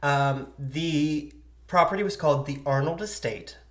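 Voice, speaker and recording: A woman's voice: low voice, unhurried, echoey room. A woman co-hosting a podcast, retelling a story in casual chat and acting out the voices of the people in it. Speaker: podcast co-host. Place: indoor podcast setup.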